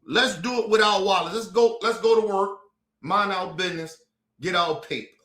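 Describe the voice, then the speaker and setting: At a normal speed, a man from the United States swears his way through a heated streamed commentary, lecturing listeners with fiery emphasis. His high-pitched voice sounds pushed and bright, with reverberation around it.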